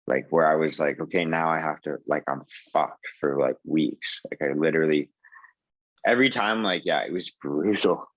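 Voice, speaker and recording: Speaking at a moderate pace in a bass voice, this twentysomething support group host rambles through a story on a video call, dropping profanity and plenty of "like" and "dude." The recording has no room sound and its highs are cut off.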